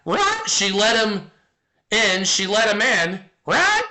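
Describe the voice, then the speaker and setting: A man putting on the voice of a talking parrot that chatters in shrill, repeated bursts. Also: sing-song, slow, bright, forceful tone, heavily acted. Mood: squawking. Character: squawking gossipy talking parrot.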